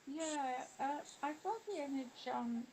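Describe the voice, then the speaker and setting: A woman in an online class, speaking hesitantly and softly on a video call. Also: sits high, animated, unhurried, a little hiss or hum. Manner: hesitant, soft-spoken. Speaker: class member. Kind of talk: casual chat on a video call.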